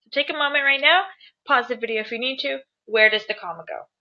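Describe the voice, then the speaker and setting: A woman's voice: high voice, fast talker. A woman teacher explaining grammar to viewers at home in a chatty, upbeat way, asking them questions as she goes. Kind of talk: grammar lesson to camera. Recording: dull lo-fi sound.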